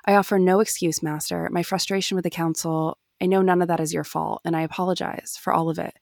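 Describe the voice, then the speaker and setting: An earnest young male Jedi apprentice, as a woman reads him aloud from a novel. He talks hesitantly and apologetically in a low, slightly gravelly voice. The sound is close and dry. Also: flat delivery, fast, darkish tone, dry recording.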